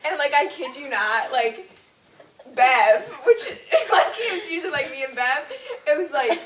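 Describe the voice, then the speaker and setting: A woman's voice: high voice, lively intonation, unhurried, a crowd in the background. A teenage girl on a volleyball team telling a story in casual group chat, giggling and saying "like" a lot. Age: teens. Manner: giggly storyteller, many likes. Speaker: senior volleyball player. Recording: echoey room, far from mic, noisy.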